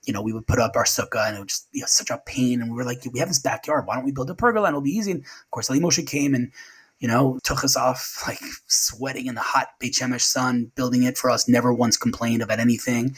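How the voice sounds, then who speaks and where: A middle-aged man recalling loss in an interview, halting and repeating words as he talks. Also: medium pitch, fairly bright tone, slightly rough, rough recording. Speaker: guest. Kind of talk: emotional remembrance interview.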